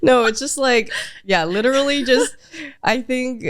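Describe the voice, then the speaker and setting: A young woman co-hosting a podcast in casual chat, relaxed and laughing often. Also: sits high, a little slow, dry recording, clean studio sound. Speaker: podcast co-host.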